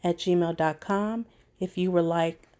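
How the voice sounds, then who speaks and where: A woman hosts a casual commentary video in a fairly low voice. She draws out her words and talks chattily to her viewers in an unhurried way. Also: fairly even intonation, dark tone. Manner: slow, drawn-out, chatty. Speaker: commentary channel host.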